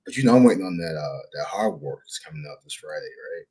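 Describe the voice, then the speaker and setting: A man joining a gaming podcast, making relaxed, easygoing small talk. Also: very deep voice, a little fast, husky. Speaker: podcast guest. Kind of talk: casual podcast chat.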